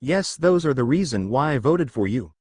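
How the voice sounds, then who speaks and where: A man's voice: medium pitch, lively intonation, normal speed, darkish tone, dry recording, studio quality, natural voice. A man voicing a formal, eager teenage boy in a story reading. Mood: formal earnest. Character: earnest, formal teenage boy class leader.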